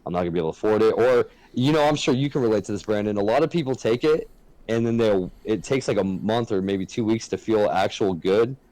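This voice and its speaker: A man co-hosts a casual podcast in a frank, earnest way, swearing freely as he talks. His voice sits a little low, and the sound is close and dry with no room echo. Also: fast talker, darkish tone. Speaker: podcast co-host.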